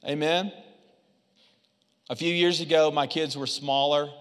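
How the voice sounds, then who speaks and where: Male pastor, sermon, animated storytelling, slightly high voice, long church reverb. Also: measured pace, clear, resonant tone. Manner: animated, conversational storytelling with humor. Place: church sanctuary.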